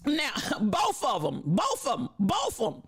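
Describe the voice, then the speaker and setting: Lively woman telling a funny story. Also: sits high, measured pace, slightly rough. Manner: animated, laughing often, talks back to the chat. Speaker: livestream host. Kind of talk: casual comic storytelling.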